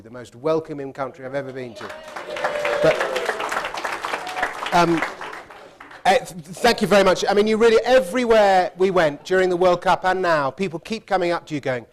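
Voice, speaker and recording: Guy spinning a travel story, slightly high voice, keeps laughing. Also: noisy background. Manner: chatty, laughs through the story. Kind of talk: anecdotal storytelling talk.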